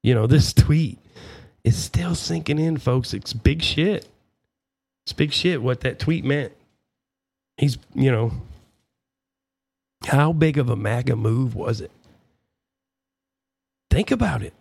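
A gravel-voiced man launches into a furious, foul-mouthed political rant peppered with sarcastic asides. He rambles with filler words at a normal middle pitch, moving slowly with frequent pauses and a somewhat dark tone.

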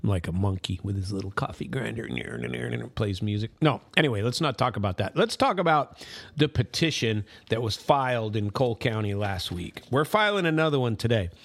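A man's voice: medium pitch, expressive, fairly quick, vocal fry. A middle-aged man hosting a casual, rambling monologue, folksy and full of restarts. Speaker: host.

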